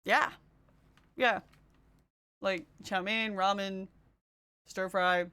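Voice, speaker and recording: A woman's voice: medium pitch, steady tone, very slow, bright, forceful tone, smooth. A woman streaming casually while doing her makeup, chatting, laughing often and answering her chat. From Canada. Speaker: livestreamer.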